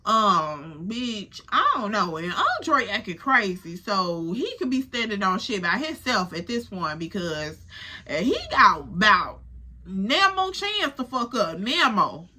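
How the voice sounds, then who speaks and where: A young woman with a Chicago accent telling a casual storytime, animated and profane, talking straight to her viewers. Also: medium pitch, measured pace. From Chicago South Side. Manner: animated, profane, slangy, addresses viewers as girl and y'all. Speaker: storyteller vlogger.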